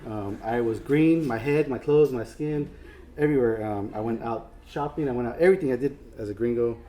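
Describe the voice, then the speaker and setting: A man's voice: mid-range voice, a little fast, mellow. Rambling man giving an art talk. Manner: rambling, self-deprecating, lots of fillers and restarts. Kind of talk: casual lecture.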